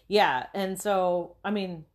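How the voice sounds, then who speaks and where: Low-voiced woman, chatty podcast co-host. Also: slow. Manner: chatty, lots of fillers and swearing, laughs often. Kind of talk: casual film discussion.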